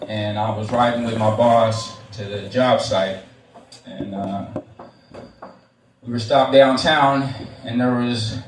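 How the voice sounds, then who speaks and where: A young man telling stories at a live show, in a casual, rambling way, swearing often and filling gaps with uh and um. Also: mid-range voice. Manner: rambling and profane, with many fillers and restarts. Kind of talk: casual spoken storytelling. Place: live venue, on stage. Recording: echoey room, mic far off, faint noise.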